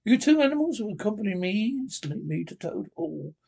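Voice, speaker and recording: A man's voice: high voice, sing-song, a little fast, vocal fry, mellow, husky, pitched above the performer's own voice, exaggerated voice. A man voicing a stern, solemn old male badger who talks in a grave, commanding way.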